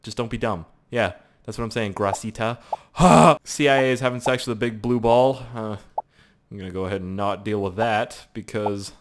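A young man giving excitable, profane live gameplay commentary with yelling outbursts. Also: fairly low pitch, fairly quick, a little hiss or hum. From Canada. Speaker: gaming YouTuber.

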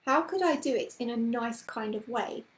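A woman voicing a prim, sharp-tongued spinster witch who talks slowly and deliberately. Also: high voice, animated, roomy sound, low-quality recording.

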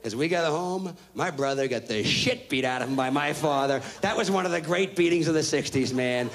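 Here a man in his thirties works a live comedy stage, barreling through a profane anecdote and hollering each punchline. His voice runs a little high.

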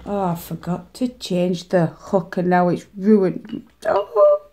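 A woman chatting casually to viewers while she spins yarn, now and then singing along softly. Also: on the low side, steady tone, takes it slowly, a little hiss or hum, low-quality recording. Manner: sings along softly between chatty remarks. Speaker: spinning vlogger.

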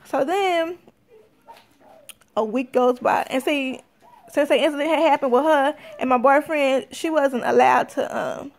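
A woman's voice: sits high, a little slow, vocal fry. A woman vlogger telling a personal story in casual chat, talking straight to her viewers. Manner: chatty, addresses viewers directly.

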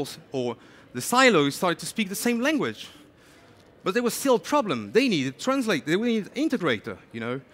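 A man giving a lively conference talk, chatty and animated, often saying "you know". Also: high-pitched. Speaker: conference speaker. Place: conference stage.

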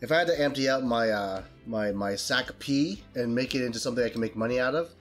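A man's voice: mid-range voice, fast talker, soft background music. A man co-hosting a beer review podcast, joking around with crude humor in casual banter. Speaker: podcast co-host.

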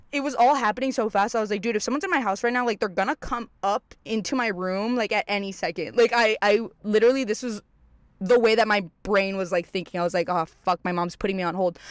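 Recorded with no echo, a young adult hosting a podcast spins a casual story packed with fillers and frequent swearing. They reenact what they once said, and their voice jumps high and loud in excited moments.

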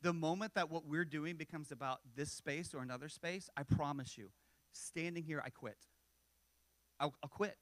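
A man in his forties delivering a sermon like a chat with friends, breaking off into jokes and asides. His voice sits a little high for a man. The sound is dry and close, with no room echo. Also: moderate pace. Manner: conversational, self-deprecating humor with frequent asides. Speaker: pastor.

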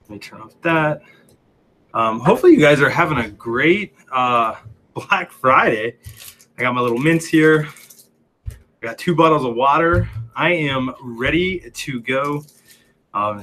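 Bright-voiced man hosting a casual livestream. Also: on the high side. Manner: chatty, laughs often, reads viewer comments aloud. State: out of breath. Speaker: livestream host.

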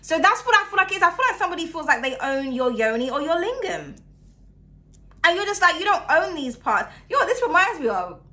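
Chatty bright-voiced woman. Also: very high voice, sing-song, fast talker. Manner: chatty, laughs often, swings between loud and hushed. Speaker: tarot reader. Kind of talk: casual tarot reading.

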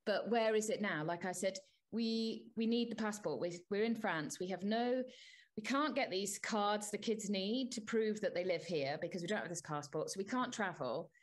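A woman co-hosting a podcast in casual chat, telling an exasperated story with animated energy. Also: mid-range voice, normal speed. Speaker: podcast co-host.

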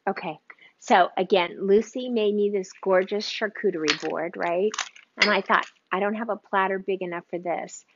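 A woman at an ordinary pitch hosts a live cooking stream from her home kitchen, gushing enthusiastically about the food and chatting directly with viewers. She talks at a moderate pace. The audio is a bit dull and lo-fi, with a faint hiss or hum.

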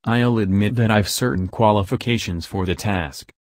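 A man's voice: lowish voice, normal speed, no room sound, studio quality, close to an everyday voice. Anne, a man narrating an eager young heroine. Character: lively adventurous young woman narrator.

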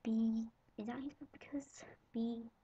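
A twelve-year-old girl from the UK talking excitedly in a casual vlog, giddy and breathless, often slipping into whispers. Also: a little high, slow. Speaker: vlogger. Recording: dull lo-fi webcam audio with faint hiss.

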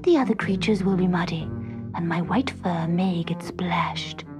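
A woman voicing a vain female polar bear in a storybook reading, prim and hushed. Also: fairly low pitch, unhurried, over music, lightly acted. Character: vain female polar bear, fussy about her fur.

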